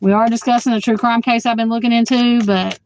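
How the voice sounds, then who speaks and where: A woman's voice: fairly high pitch, fairly even intonation, a little mellow, slight background noise, poor audio. Blunt, fiery woman chatting on a livestream. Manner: blunt, outspoken, swears freely; quick to flare up at the chat. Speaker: tarot reader. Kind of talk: casual livestream chat.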